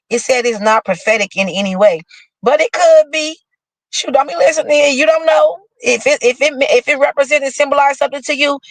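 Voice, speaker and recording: Gravelly lady riffing on horoscopes, dramatic and cussing, dry room. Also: low voice, no echo, low-quality recording. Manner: dramatic, profane, chatty. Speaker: horoscope show host. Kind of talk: casual chat reading horoscopes aloud.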